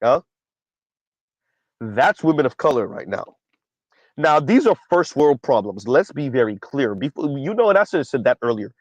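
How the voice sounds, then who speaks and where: A man hosts a casual commentary stream, reading viewer comments aloud and talking in a loose, conversational way. He keeps checking in with "right?" and has a slight dry cough. His voice sits at a middle pitch and is picked up close and dry, with no room echo. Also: big pitch swings, normal speed. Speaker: commentary channel host.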